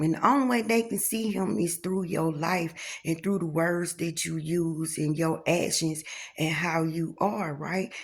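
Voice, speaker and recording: A woman vlogging in a chatty, folksy way, talking straight to her viewers about faith and everyday life. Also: medium pitch. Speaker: spiritual vlogger. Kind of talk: casual talk to camera.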